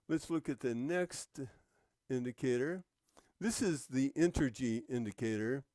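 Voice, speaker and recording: A man teaching a trading method over a screen recording, explaining in an unhurried way with frequent "uh" fillers and small restarts. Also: medium pitch, darkish tone, no room sound, studio quality. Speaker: trading instructor. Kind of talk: screen-share tutorial narration.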